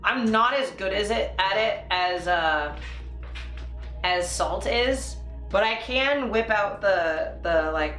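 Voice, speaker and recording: A woman from Canada chats loosely on a live stream, laughing often and trailing into fillers. Her voice sits at an ordinary pitch, and it bounces around a roomy space. Faint music plays underneath. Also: lively intonation, slow pace, a bit bright. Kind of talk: casual chat.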